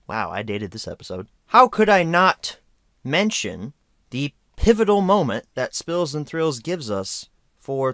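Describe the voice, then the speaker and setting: Rambling young American man, lively pitch. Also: no room sound, studio quality. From United States. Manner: rambling, self-mocking, sarcastic asides. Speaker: home video reviewer. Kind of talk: unscripted casual review.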